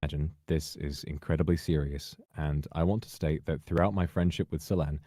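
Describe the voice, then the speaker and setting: A man reading a prepared public statement in a measured, formal, carefully worded way. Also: rumbling low, fairly even intonation, dark tone, no echo, studio quality. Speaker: person giving a public statement.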